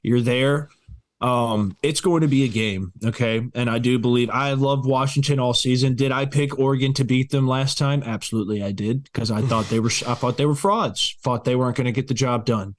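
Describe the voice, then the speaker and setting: A man's voice: mid-range voice, a little fast. A man co-hosting a casual sports podcast, talking in a brash, confident, trash-talking way as he makes his predictions. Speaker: podcast co-host.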